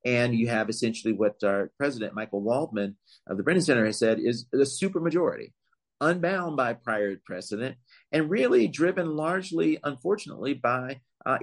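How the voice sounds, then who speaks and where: A man giving long, measured answers as a legal expert in an interview, explaining points carefully with some fillers and emphatic rises. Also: mid-range voice. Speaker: voting rights legal expert, guest.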